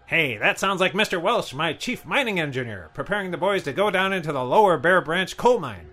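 A man's voice: on the high side, lively intonation, brisk, sharp tone. A man voicing a cheery, wealthy, miserly politician cast as Scrooge, eager and a little pompous. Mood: chipper. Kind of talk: radio comedy sketch.

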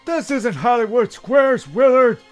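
A man's voice: very high-pitched, lively intonation, a little slow, soft background music. A man playing a cranky impatient cohost. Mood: exasperated. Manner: exasperated, cursing, impatient. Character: grumpy impatient male show cohost. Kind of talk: comedy radio-play acting.

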